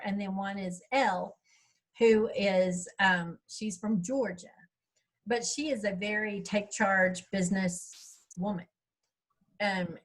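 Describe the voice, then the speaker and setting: A woman's voice: medium pitch, rough recording. A middle-aged woman, chatting in a rambling way about her audiobook at a writers' workshop over a video call. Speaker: author speaking at a writers' workshop. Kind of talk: casual chat.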